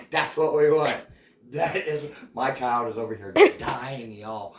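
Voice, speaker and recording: A man's voice: medium pitch, slow, a bit bright. A man hosting a casual cooking demonstration at home, chatty and playful. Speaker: cooking show host. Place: home kitchen. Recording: echoey home kitchen.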